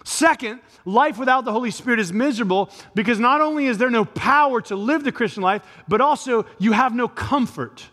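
A man's voice: extremely high pitch, animated, brisk, few pauses, fairly bright tone. A man preaching a sermon as pastor, talking conversationally and building to emphatic peaks. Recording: long reverb of a large hall.

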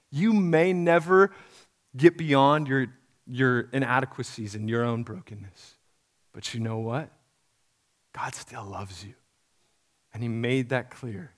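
A man in his thirties, a pastor, preaching a sermon in an earnest voice that builds to emphatic repetition and drops to quiet, soft lines. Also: medium pitch.

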